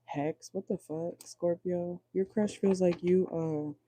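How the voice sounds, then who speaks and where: A man's voice: high-pitched, steady tone, takes it slowly, dark tone, no room sound. A man doing a casual livestream tarot reading, chatty and joking, talking straight to his viewers and swearing freely. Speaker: tarot reader.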